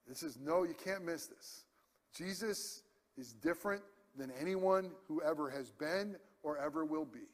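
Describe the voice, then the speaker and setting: Male pastor, high voice, emphatic conversational sermon, long hall reverb. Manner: passionate, emphatic, conversational preaching.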